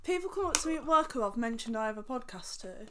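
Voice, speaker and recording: A woman's voice: on the high side, quick pace, over a noisy crowd. Giggly young woman podcast co-host. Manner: animated, giggly, acts out quotes. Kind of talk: casual true-crime podcast chat.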